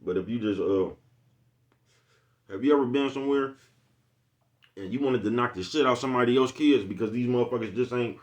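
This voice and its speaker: A man's voice: mid-range voice, brisk, pauses often. A man in a casual, rambling vlog monologue, cursing freely and asking "you know what I'm talking about" again and again. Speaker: vlogger.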